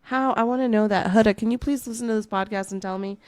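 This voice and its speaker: Female podcast host, hyped motivational coach, playful and teasing, mid pitch, dry booth sound. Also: fast talker, darkish tone, no echo. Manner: playful, hyped coaching, calls listener baby.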